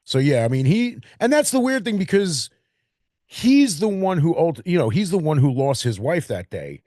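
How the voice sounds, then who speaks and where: A man with a New York accent chats about movies in long, animated stretches full of fillers. His voice sits a little high for a man, and the recording is dry and close with almost no room sound. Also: moderate pace, no room sound. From Queens, New York. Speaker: podcast co-host. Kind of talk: casual chat.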